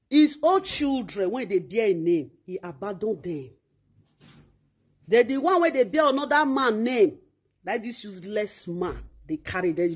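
In an unhurried, expressive rant, a woman with a Nigerian Pidgin English accent mocks, insults, and scolds, referring to herself in the third person as an online commentator. Her mid-range voice has a slightly rough quality.

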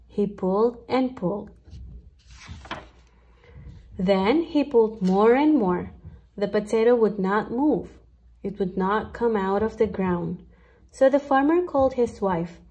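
Slow, mellow woman reading aloud. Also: mid-range voice. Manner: slow, clear read-aloud delivery. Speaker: children's storyteller. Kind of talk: reading a picture book aloud.

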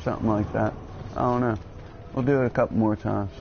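A man's voice: on the low side, steady tone, fairly quick, creaky, highs cut off, noisy background. A man giving jokey, rambling commentary while playing a video game, cursing often and drifting into absurd tangents. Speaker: let's play gamer.

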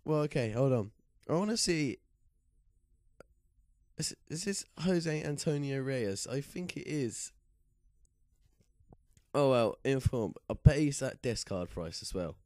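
A young man hosting casual gameplay commentary with a lingering cough, chatty and quick to get excited. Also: medium pitch, no echo, clean studio sound. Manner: chatty, excitable when reacting. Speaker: gaming channel host.

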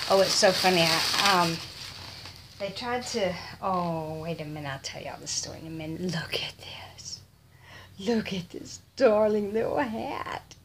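A woman's voice: mid-range voice, noisy background. A woman with a Texan accent, gushing over baby clothes in a casual unboxing vlog, often dropping to a whisper. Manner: gushing, breathless with delight, slips into whispers. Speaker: vlogger.

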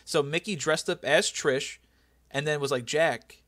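A man co-hosting a podcast, recapping an old episode in casual, profane, animated storytelling. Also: a little high, moderate pace, dry recording, studio quality. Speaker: podcast co-host. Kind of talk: casual chat recapping wrestling.

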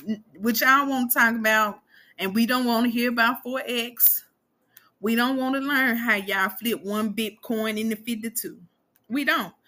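Blunt, bright-voiced young woman podcaster. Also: a little high, steady tone, normal speed. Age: 20s. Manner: blunt, profane and emphatic, talks straight to listeners. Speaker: podcast host. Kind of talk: casual podcast monologue.

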